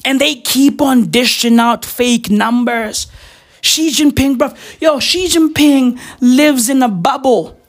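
A woman's voice: high voice, takes it slowly. A woman with a South African accent delivering a rambling, profane comic rant full of slang.

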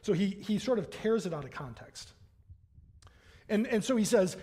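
A man's voice: high-pitched, lively intonation, normal speed, dark tone. A man preaching a sermon as a pastor in a church, in a conversational way that keeps checking in with "right?" and acts out the voices he quotes.

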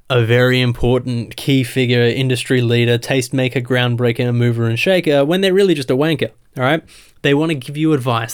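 A man delivering a satirical stand-up monologue, listing mock statistics in a dry, sarcastic, deadpan way. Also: mid-range voice, clear, resonant tone. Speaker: comedian.

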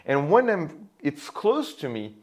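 Animated male voice coach, lively pitch. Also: slow. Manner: animated, demonstrates loud and whispered voices. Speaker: voice and sales coach. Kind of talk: teaching monologue.

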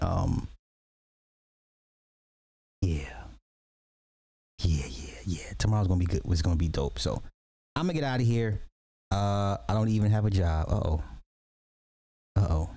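A man's voice: fairly low pitch, dark tone. A man hosting a casual livestream podcast, talking animatedly in slangy chat, laughing often and repeating himself. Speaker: podcast host.

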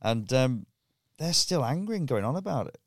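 A man's voice: mid-range voice, big pitch swings, normal speed, no echo, clean studio sound. Sweary man ranting. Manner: sweary, ranting, laughs often. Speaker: comedian guest. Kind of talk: casual podcast chat.

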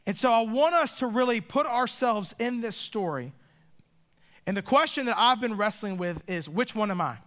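Guy preaching a sermon, really high voice, bright and punchy, leans into the big lines. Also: expressive. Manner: earnest, emphatic preaching with dramatic pauses. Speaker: pastor.

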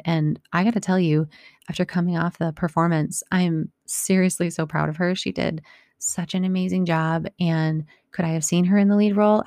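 Low, gravelly-voiced woman telling a story. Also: no echo, studio quality. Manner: warm, reflective, a bit long-winded with restarts. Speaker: podcast host speaking to listeners. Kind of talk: casual personal storytelling.

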